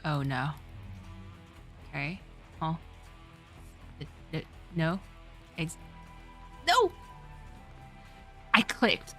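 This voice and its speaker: A woman's voice: sits low, wildly swooping pitch, extremely slow, pauses often, a bit bright, faint music behind. A woman streaming a game, talking to her chat and getting exasperated at the game. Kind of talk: let's play commentary.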